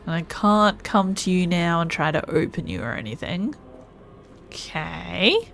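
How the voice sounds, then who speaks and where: A woman's voice: fairly low pitch, animated, unhurried, creaky, fairly bright tone, slight background noise. A woman streaming a video game, thinking aloud and musing to herself as she plays. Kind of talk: casual gameplay commentary.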